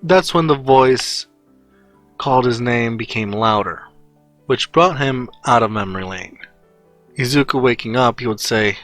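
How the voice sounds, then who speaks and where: A man narrating a fan story in a plain, steady reading. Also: medium pitch, a little slow, dry recording, soft background music.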